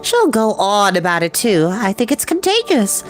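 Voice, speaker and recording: A man voicing a haughty young woman student in a storybook reading, speaking high and lofty. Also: wildly swooping pitch, normal speed, faint music behind. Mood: dismissive.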